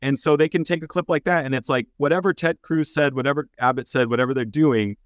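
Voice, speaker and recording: A man's voice: mid-range voice, no room sound, studio quality. A man from North Texas, a guest on a podcast, talking casually and evenly about politics with a few hesitations. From North Texas, USA. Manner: conversational, measured, some hesitations. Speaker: podcast guest, concerned parent.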